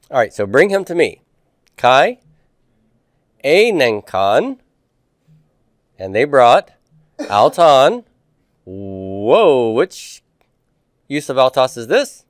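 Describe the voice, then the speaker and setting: Male teacher, clear resonant voice, patient quizzing style, dry close sound. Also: fairly low pitch, no echo. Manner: quizzing students with questions, patient. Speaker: Greek teacher. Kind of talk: classroom homework review.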